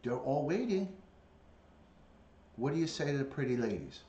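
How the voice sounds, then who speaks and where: Man, livestream host, animated pitch, sing-song coaxing calls to a pet bird, echoey home room. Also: normal speed, lo-fi sound. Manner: coaxes his parrot in high sing-song calls between plain chat. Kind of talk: casual livestream chat. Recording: echoey room with faint ambient noise.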